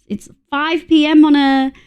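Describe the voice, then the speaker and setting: Aussie girl streaming, bit high voiced, giggly, just chatting w chat. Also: flat delivery, measured pace, muffled recording. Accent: Australian. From Australia. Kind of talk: casual live-stream chat.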